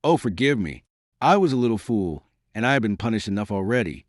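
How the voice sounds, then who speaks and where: A man's voice: on the low side, lively intonation, fairly quick, no room sound, clean studio sound, lightly acted. A man voicing a tearful young noblewoman who begs and weeps. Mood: pleading. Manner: begging, weeping.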